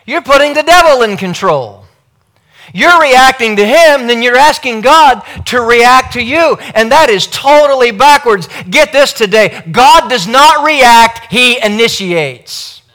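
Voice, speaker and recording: A man's voice: extremely high pitch, lively intonation, measured pace, bright, forceful tone. A man preaching a sermon, emphatic and repeating key phrases as he addresses his listeners directly.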